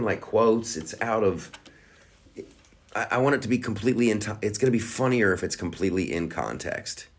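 Male podcast host, lowish voice, crude sarcastic rambling delivery. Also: fairly bright tone. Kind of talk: crude comedic rant.

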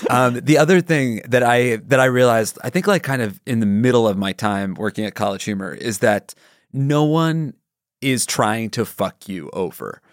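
A man's voice: mid-range voice, expressive, normal speed, no room sound, clean studio sound. A man in his thirties, a comedian guest on a casual podcast chat, giving earnest advice and acting out quotes.

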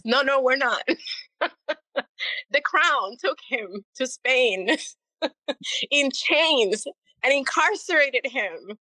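A woman's voice: high-pitched, animated, takes it slowly, long pauses, sharp tone, no echo, poor audio. Woman, alderwoman guest, from the Caribbean, earnest explaining, casual interview talk, fillers.

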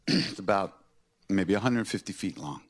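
A man with a fairly low voice tells personal stories as a podcast host. His pitch swings widely as he acts out scenes and laughs along the way. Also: lively intonation, measured pace.

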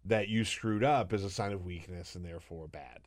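A man's voice: low voice, normal speed. A man guest-hosting a political podcast, talking casually and sarcastically and laughing often. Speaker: guest host.

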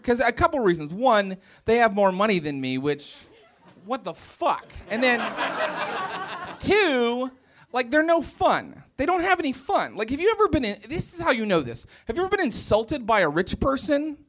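Lively high-voiced stand-up comedian man. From West Virginia. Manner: rambling, self-deprecating, with playful put-on voices. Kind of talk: stand-up set. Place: comedy club with audience.

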